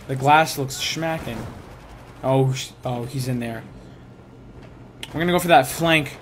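A tired young man giving live, excitable commentary on his own multiplayer match, swearing and shouting at kills. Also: medium pitch, measured pace, slight background noise. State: tired, yawning.

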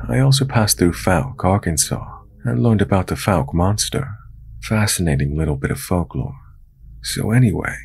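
A man with a very deep, gravelly voice narrates a true horror story in calm, measured tones. A faint hiss of background noise sits beneath the reading.

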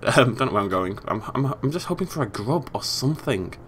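Excitable British man yelling at a game. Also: mid-range voice, brisk, a little hiss or hum. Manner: exasperated, swinging from yelling to muttering. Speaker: gameplay commentator. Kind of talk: let's play commentary.

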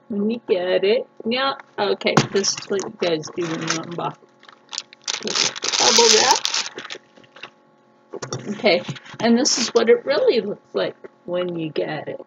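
A woman vlogging a casual unboxing, gushing and excitable, jumping into high squeals of delight. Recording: dull lo-fi sound with clear background noise.

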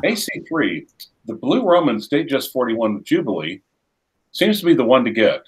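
A man's voice: mid-range voice, sing-song, normal speed, slightly rough. Dry, teasing male co-host. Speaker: co-host on a livestream. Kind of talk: casual livestream chat.

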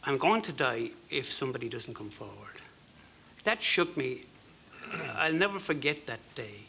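An Irish man in his fifties with a gravelly but bright voice tells his story as a talk show guest. He speaks earnestly and haltingly, and some phrases drop almost to a whisper. Faint studio noise sits behind him. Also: mid-range voice, animated. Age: 50s. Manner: earnest, halting, with fillers and soft dropped phrases. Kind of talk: personal storytelling.

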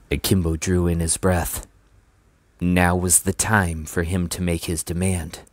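A man reading a children's novel aloud in a measured, even way. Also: sits low, dry recording, clean studio sound. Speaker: storybook reader.

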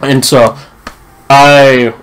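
A young man co-hosting a podcast, talking in a relaxed way and giving short, agreeing replies in casual chat. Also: medium pitch, extremely slow, clean tone. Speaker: podcast co-host.

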